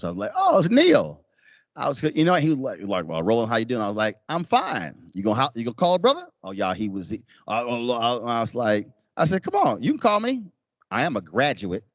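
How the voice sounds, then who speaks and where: A man's voice: medium pitch, no echo, studio quality. A man giving a university keynote lecture, telling stories and acting out what other people said in shifting voices. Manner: animated, acts out quotes in shifting voices. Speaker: keynote speaker. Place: lecture hall.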